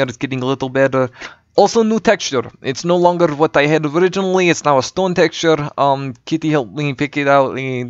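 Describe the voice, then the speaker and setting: Man with a put-on Russian accent, casual and rambling walkthrough, smooth voice, dull dry lo-fi mic. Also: fairly high pitch, no echo. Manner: rambling, hesitant, with ums and dropped words. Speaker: map maker. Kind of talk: casual game map walkthrough.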